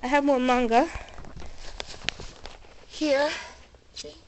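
Speaking extremely slowly in a high, steady voice with a darkish tone, a young woman vlogs casually from her bedroom, proudly showing her collection. She gushes and cheers in a bubbly way but seems a little sick and short of breath. The camera mic is handheld and moving, and the poor audio carries slight background noise.

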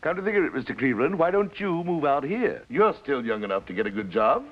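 A man's voice: medium pitch, very animated, fast talker. A man playing a mild, plainspoken older grandfather in a 1950s film. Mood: firm. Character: proud retired-age grandfather, gentle and firm. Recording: dull old film soundtrack.

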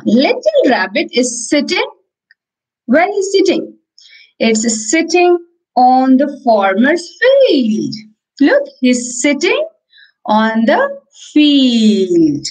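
A woman with an Indian English accent teaching an online preschool class, counting aloud slowly and reading a picture book to small children with encouragement. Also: high-pitched, a little mellow, slightly rough, rough recording.

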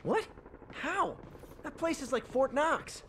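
A man's voice: very high voice, expressive, takes it slowly, fairly bright tone, slight background noise, heavily acted. A man voicing a wisecracking young male superhero in a video game, with dry, joking asides. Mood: puzzled. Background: game music.

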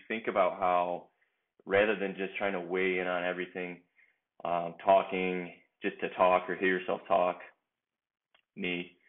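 Earnest coach guy talking low and even, lots of ums, sounds like over a phone. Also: phone-quality sound. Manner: earnest, reflective, with frequent fillers. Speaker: baseball coach and podcast host. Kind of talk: motivational solo podcast talk.

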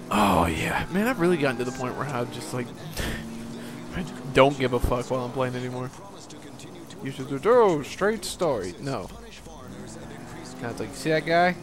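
A man's voice: mid-range voice, noisy background. A young man giving casual, profane let's-play commentary over a game, rambling and laughing at himself. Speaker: gameplay commentator.

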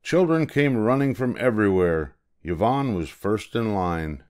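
An older man narrating a children's picture book aloud in a gentle, expressive storytelling manner. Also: lowish voice, a little slow, smooth.

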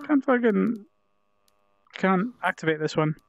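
A woman streaming a game live, loud and excitable, yelling and swearing at the other players. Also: medium pitch, unhurried, vocal fry, muffled recording.

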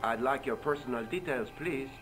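A man's voice: mid-range voice, normal speed, fairly bright tone, faint music behind, close to an everyday voice, rough recording. An actor playing a sarcastic middle-aged French desk policeman in a game, with a French accent and a dry, mocking manner.

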